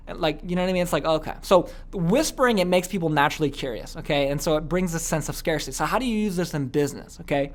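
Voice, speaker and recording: A man teaching a sales training lesson, energetic and often checking in with "okay?". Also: high voice, racing, hardly any pauses. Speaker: business coach.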